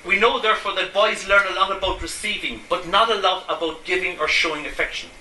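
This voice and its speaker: Lecturing a live audience in an echoey room with faint ambience, this male Gestalt therapist fires off rhetorical questions and acts out everyday examples. His voice is high, bright and forceful, moving fast with fairly even intonation, and a slight hiss or hum comes through.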